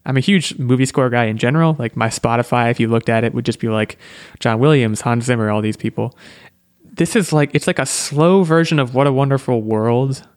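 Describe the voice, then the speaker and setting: This man hosts a podcast and keeps things chatty and casual, hedging, restarting and saying "like" a lot. He has a medium pitch and speaks a little fast, with a dry, clean studio sound.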